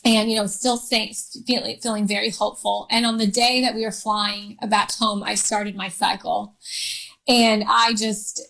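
A woman in her thirties, a podcast guest, telling a personal story in a halting way, full of fillers and restarts. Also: mid-range voice, little pitch movement, creaky, fairly bright tone, poor audio. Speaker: interview guest.

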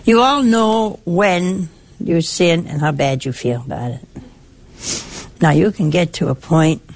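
An older woman preaches in a somewhat low voice. She talks in a chatty, lively way and chides her listeners with affection. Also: measured pace. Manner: conversational, lively, chiding and affectionate. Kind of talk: sermon.

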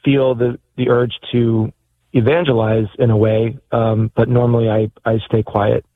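A man calling in to a talk show, speaking hesitantly with many pauses and restarts, heard over a phone line. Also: mid-range voice, level tone. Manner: hesitant, lots of ums and restarts. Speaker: caller. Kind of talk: phone-in conversation.

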